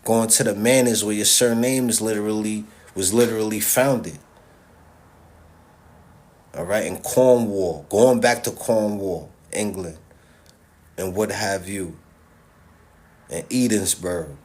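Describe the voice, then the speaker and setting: A man with a lowish, slightly mellow voice speaks slowly and pauses often. As a social media commentator, he gives an impassioned, casual monologue straight to his viewers, emphatic and repetitive, restarting sentences and checking in with "all right?".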